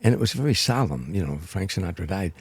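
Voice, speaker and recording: An older man, a comedian guest on a podcast interview, telling anecdotes as an animated raconteur who restarts and repeats words. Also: low voice, fast, breathy edge, no room sound.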